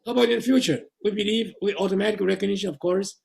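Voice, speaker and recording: A man's voice: sits high, rapid-fire, creaky, darkish tone. A man lecturing at a seminar in a chatty way, often laughing and stumbling over his words.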